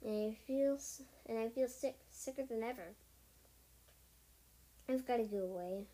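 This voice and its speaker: A worried, proud she-cat warrior from a storybook, talking things through in first person, as a woman reads her out. The voice sits a little high and stays plain, with the odd stumble over words. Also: unhurried, dark tone. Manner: plain reading voice with small slips.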